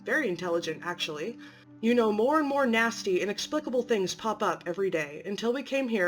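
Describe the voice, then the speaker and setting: A woman's voice: medium pitch, close to an everyday voice. A woman voicing a grateful, devoted anomalous being who provides for its family, talking effusively and emotionally.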